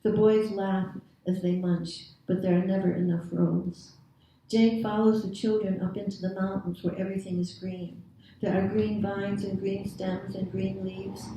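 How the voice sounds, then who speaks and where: A woman author reading her own prose aloud at a literary event, in a measured, deliberate storytelling manner. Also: mid-range voice, little pitch movement, noisy background. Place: reading series venue. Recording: very echoey room, distant mic.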